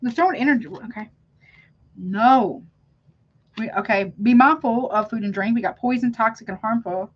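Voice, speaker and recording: A woman's voice: on the high side, normal speed, muffled recording. A woman giving a live tarot reading, talking casually to her viewers and calling them honey. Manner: chatty, calls viewers honey, self-interrupting. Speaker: tarot reader.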